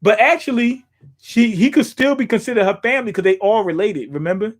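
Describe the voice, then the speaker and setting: A young man with a notably high voice rambles through a casual live stream from a small room at home. His talk is loose and profane, full of ums, restarts and asides. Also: brisk. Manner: loose, profane, thinking aloud with fillers. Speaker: streamer reacting to a manga chapter.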